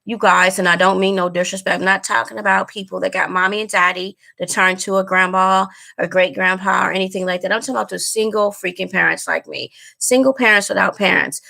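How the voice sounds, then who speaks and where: A woman's voice: medium pitch, creaky, sharp tone. A woman vlogger talking straight to her viewers in casual chat, earnest and emotional, repeating herself as she goes. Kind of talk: casual direct-to-camera chat.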